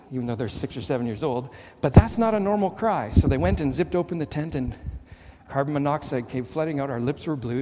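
Middle-aged Canadian-raised male pastor, earnest sermon delivery, slightly high voice, long reverb of a church hall. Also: slight background noise. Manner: earnest preaching, rising to emphatic highs and dropping to hushed lows.

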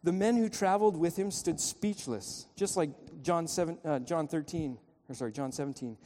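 Here a male pastor, his voice mellow and on the higher side, gives a church sermon at normal speed. He recounts a story and makes urgent appeals, with striking swings in volume. The sanctuary leaves a long reverb tail after his speech.

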